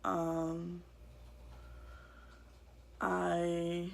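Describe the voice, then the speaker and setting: A woman vlogger telling her own life story to camera in a halting, quiet way that often drops to a whisper. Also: fairly low pitch, completely flat delivery, vocal fry.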